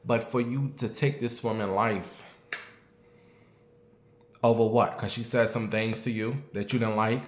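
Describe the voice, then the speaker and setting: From his home, a late-thirties show host delivers a casual monologue that's blunt and full of swearing, inviting his audience to weigh in. His voice is on the low side with fairly even intonation, and he speaks unhurriedly with long pauses. The recording carries room echo.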